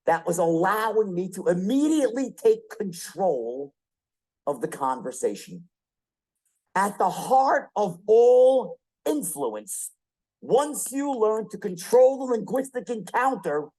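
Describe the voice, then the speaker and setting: A man's voice: sits high, darkish tone, low-quality recording. A man giving a motivational sales seminar, emphatic and profane, hammering key phrases and quizzing his audience. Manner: profane, punchy delivery. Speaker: sales trainer.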